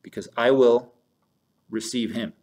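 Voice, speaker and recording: A man's voice: medium pitch, measured pace, a little mellow. A man teaching German grammar in a recorded lesson, going step by step between German and English phrases and talking to his students as "you guys".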